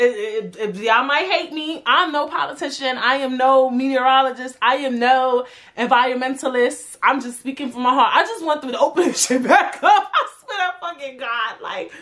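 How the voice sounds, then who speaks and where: A woman's voice: fairly high pitch, a bit bright. A young woman hosting her own podcast, ranting casually and profanely, repeating lines for emphasis. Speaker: podcast host. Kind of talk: casual rant.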